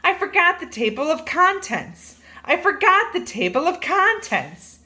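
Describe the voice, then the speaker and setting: A woman's voice: very high-pitched, sing-song, unhurried, sharp tone, pitched above the performer's own voice, exaggerated voice. A woman reading aloud and voicing a fretful male storybook narrator who hurries in flustered.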